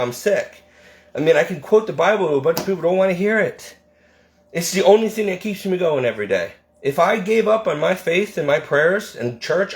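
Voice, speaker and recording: Weary, bitter man in his forties. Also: fairly high pitch. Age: 40s. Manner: weary, bitter, rambling venting. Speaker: video ministry creator. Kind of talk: personal vlog monologue.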